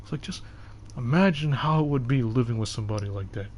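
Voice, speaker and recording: Young guy streaming, rambling on with lots of uh and restarts, voice not high not low, hiss all over the mic. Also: fast talker, a little mellow. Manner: rambling, chatty, frequent fillers and restarts. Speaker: game streamer. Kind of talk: casual live-stream chat.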